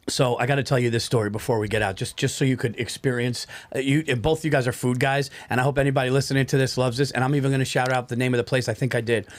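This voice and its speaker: Casual male podcast host, animated storyteller, mid-pitch voice, dry studio sound. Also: dry recording. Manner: excitable, swears, says "dude" often.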